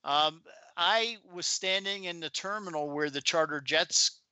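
A man in his seventies, a podcast guest and author, telling animated stories in a chatty interview. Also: a little high, measured pace, dry recording. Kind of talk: anecdotal storytelling in an interview.

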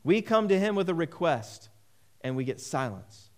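A man's voice: fairly high pitch, big pitch swings, moderate pace, darkish tone. A man preaching a sermon, emphatic and repeating key phrases for weight.

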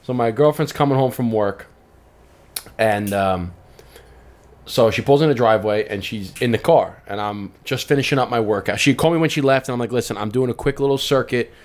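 A man's voice: mid-range voice, a little fast. A man co-hosting a podcast in casual chat, laid-back and swearing freely, with a New York accent. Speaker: podcast co-host.

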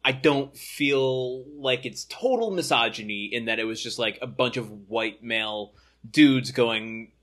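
A man's voice: mid-range voice, a little slow, fairly bright tone. A man co-hosting a podcast, easygoing and agreeable, often laughing along as they discuss a sitcom. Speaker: podcast co-host. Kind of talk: casual podcast chat.

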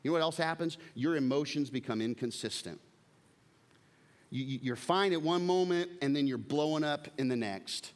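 A man's voice: on the high side, normal speed. A man, preaching a sermon earnestly and putting direct questions to his congregation. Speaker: pastor.

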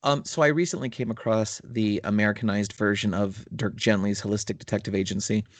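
Man, low register, enthusiastic rambler on a podcast, dry sound. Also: steady tone, fairly quick, no room sound. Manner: rambling, enthusiastic storytelling with fillers. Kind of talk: casual chat about tabletop gaming.

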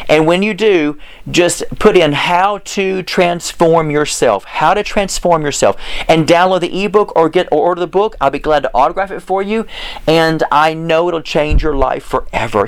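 Energetic man hosting a faith podcast. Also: fairly high pitch. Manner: energetic, repetitive, emphatic preaching tone. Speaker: podcast host and author. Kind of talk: motivational religious podcast monologue.

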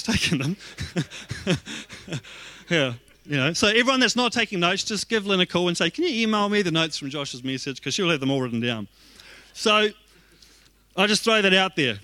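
Bright high-voiced man preaching. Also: moderate pace, long pauses, no room sound. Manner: lively, joking asides to the congregation. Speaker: pastor. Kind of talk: sermon.

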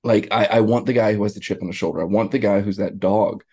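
A man co-hosting a podcast, chatting casually about sports in a rambling, animated way with many restarts. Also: fairly low pitch, fast talker, breathy edge. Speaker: podcast co-host.

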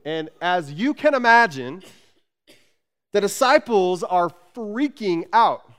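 A male pastor with a high voice preaches slowly yet energetically in a conversational style, repeating words and shifting between loud emphasis and soft, tender passages.

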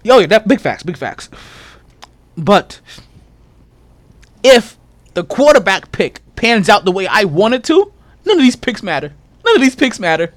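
A man hosting a casual sports podcast, animated and laughing, trash-talking over a call. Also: high-pitched, unhurried, long pauses, dry recording. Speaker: podcast host.

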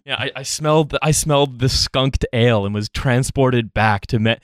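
A man from Canada co-hosting a podcast, chatting casually in a rambling, halting way with many restarts. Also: mid-range voice, dry recording, studio quality. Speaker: podcast co-host. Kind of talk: casual chat.

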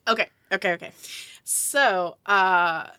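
A woman's voice: medium pitch, slow, sharp tone, clean tone, dry recording. A woman running a tabletop game as game master, narrating and asking questions in a loose, rambling way. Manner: loose, rambling with fillers and restarts.

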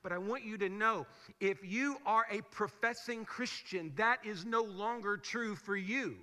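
A man's voice: sits high, unhurried, pushed and bright. A male pastor delivering a conversational, emphatic sermon full of rhetorical questions in a large church sanctuary. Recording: long hall reverb of a church.

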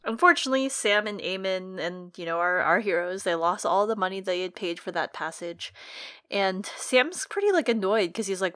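A woman's voice: medium pitch, expressive, a bit bright, dry recording. Woman recapping a book, dry sound. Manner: conversational recapping, with quick impressions of characters. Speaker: podcast co-host. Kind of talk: casual book discussion podcast.

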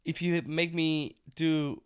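A man's voice: a little high, slow pace, smooth. A man from Spain whose first language is Spanish, a wrestler chatting casually in English with an accent that blends Spanish, British and American sounds, rambling and laughing. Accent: Spanish mixed with British and American. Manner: rambling, animated, laughs often. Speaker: professional wrestler. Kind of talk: casual chat.

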